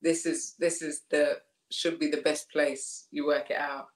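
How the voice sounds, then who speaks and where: A woman's voice: sits low, flat delivery, a little slow. Woman guest, candid and chatty, mid voice, echoey room. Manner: candid, laughing, repeats phrases. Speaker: podcast guest. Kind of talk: casual conversation. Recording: roomy echo.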